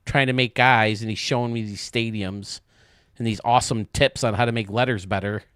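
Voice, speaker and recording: A man's voice: lowish voice, fairly even intonation, fairly quick, a bit bright, smooth, dry recording, studio quality. A male streamer chatting casually with his viewers while gaming, joking and swearing freely.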